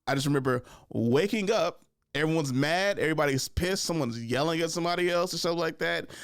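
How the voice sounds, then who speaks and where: A man's voice: a little high, fast talker, a bit bright, clear, resonant tone, no echo, clean studio sound. A young adult man hosting a podcast, telling a casual story in loose, profane, laid-back slang. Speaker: podcast host.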